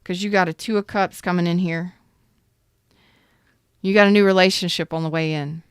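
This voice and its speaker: Smooth-voiced, blunt woman reading tarot. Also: fairly low pitch, fairly even intonation, normal speed, no room sound, clean studio sound. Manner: chatty and blunt, talks straight to viewers, swears casually. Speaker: tarot reader. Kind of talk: casual tarot reading to viewers.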